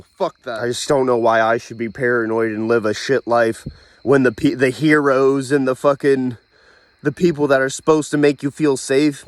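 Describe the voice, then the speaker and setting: A young man from the United States rants on his own, cursing often and breaking into short bitter laughs. His voice sits at a middling pitch and is recorded close and dry, with no room sound around it. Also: no echo. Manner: profane, bitter, laughs between points. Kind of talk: angry monologue rant.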